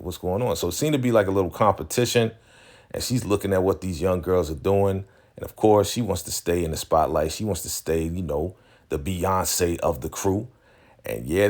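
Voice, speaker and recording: A man with a very low, deep voice talks through a TV episode recap in a loose, casual way. He tells it as an animated story and keeps checking in with fillers like "right?" and "you know.". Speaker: recap show host.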